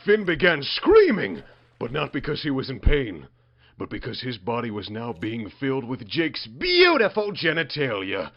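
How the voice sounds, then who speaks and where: Mock-dramatic male comic storyteller. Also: fairly high pitch. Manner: mock-dramatic, building up loudly. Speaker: narrator. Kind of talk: comedic story reading. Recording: muffled dry lo-fi recording.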